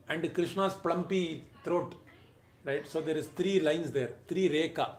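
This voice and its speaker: Man, devotional lecture, emphatic delivery, slightly high voice, roomy echo. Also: normal speed. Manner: emphatic, rising and falling between loud and soft phrases; briefly chants verses.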